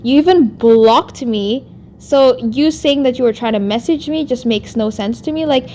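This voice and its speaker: A woman's voice: fairly high pitch, mellow, slight background noise. A woman with a non-American English accent, ranting at another creator in a vlog and filling her sentences with "like". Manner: exasperated, heavy use of "like". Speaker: YouTuber responding to another creator. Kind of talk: vlog rant.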